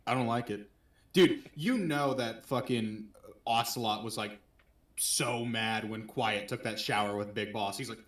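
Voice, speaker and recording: A man's voice: on the low side, a little slow, a bit bright. A man chatting loosely about games as co-host, swearing and laughing as he rambles. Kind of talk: casual gaming chat. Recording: echoey room, distant mic.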